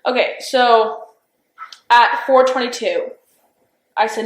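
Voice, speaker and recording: Young woman, twenties, slightly high voice, hesitant, lots of fillers, police interview, roomy echo. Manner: halting, full of "like" and restarts, unsure. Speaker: interviewee recounting events. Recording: roomy interview room recording.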